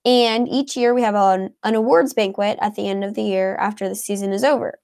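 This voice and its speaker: A woman's voice: medium pitch, fairly even intonation, fairly quick, a little mellow. A woman, chatting casually as a co-host and reading out viewer comments, her talk full of "like" and "um". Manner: chatty, heavy on filler words like "like" and "um". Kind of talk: casual live chat.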